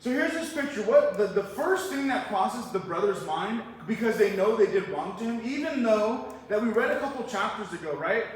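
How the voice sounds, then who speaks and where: A man preaching a verse-by-verse sermon, his voice sitting high for a man. He keeps it conversational and tosses rhetorical questions at the congregation. The sound is distant and bathed in heavy hall echo, with faint room noise underneath. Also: expressive, moderate pace, hardly any pauses. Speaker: pastor. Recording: echoey hall, mic far off.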